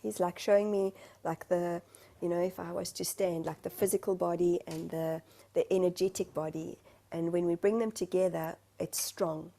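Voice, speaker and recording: A woman's voice: on the low side, fairly even intonation, moderate pace, creaky, dark tone. A woman from South Africa, a spiritual medium, talking earnestly over a video call and searching for her words. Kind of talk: heartfelt conversational sharing.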